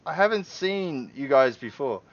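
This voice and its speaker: A man voicing a flustered, suspicious human homeowner who stammers and protests loudly, on a dull lo-fi stream recording. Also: medium pitch, big pitch swings, normal speed, pitched above the performer's own voice. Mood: indignant. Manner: stammering, indignant, raised voice.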